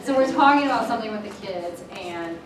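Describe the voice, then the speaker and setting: A middle-aged woman runs a training session, mixing instruction with chatty, self-mocking asides. Her voice sits at an ordinary pitch. It is picked up from well across a room with strong echo and a clear hiss of background noise. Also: lively intonation, quick pace. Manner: chatty, self-deprecating anecdotes. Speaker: workshop facilitator. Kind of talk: classroom instruction. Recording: echoey room from far off, noisy.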